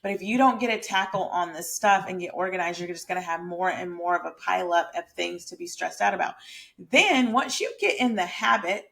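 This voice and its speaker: A lifestyle and mindset creator who also works as a hairstylist talks casually to her viewers straight to camera, chatty, emphatic, and motivational. Her lowish voice moves fairly quickly, with vocal fry and a sharp tone.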